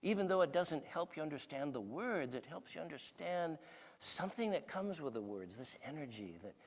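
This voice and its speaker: Lively older man preaching in a hall. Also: fairly high pitch, moderate pace. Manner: storytelling, asks the audience questions. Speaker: guest speaker. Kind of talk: conversational sermon. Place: church hall.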